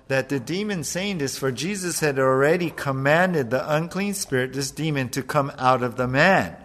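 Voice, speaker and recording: A man preaching a sermon as pastor, animated, acting out voices as he retells a passage. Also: a little high. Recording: long hall reverb.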